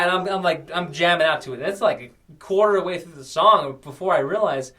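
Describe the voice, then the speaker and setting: Young male podcast co-host, slightly high voice, excitable storyteller who keeps saying "dude.". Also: a little fast. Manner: animated, excitable storyteller, says "dude" often, swings loud and soft. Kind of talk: casual storytelling chat.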